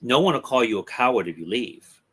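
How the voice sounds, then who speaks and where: A man reading a young woman's comic dialogue aloud in a plain, husky voice. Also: mid-range voice, expressive, brisk, fairly bright tone. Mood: quiet. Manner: plain reading, with little change of voice. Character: wistful young woman rejecting her lover.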